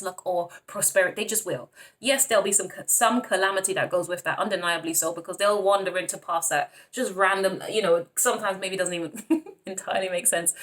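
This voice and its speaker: Excitable woman reading tarot. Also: mid-range voice. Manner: excitable, laughs often, calls viewers honey and darling. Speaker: tarot reader. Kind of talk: casual tarot reading to camera.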